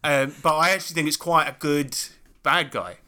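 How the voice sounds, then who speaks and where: Guy on a gaming podcast, bright crisp voice, swears a lot, keeps laughing and restarting. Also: a little high, moderate pace. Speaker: podcast co-host and game master. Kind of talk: casual podcast chat.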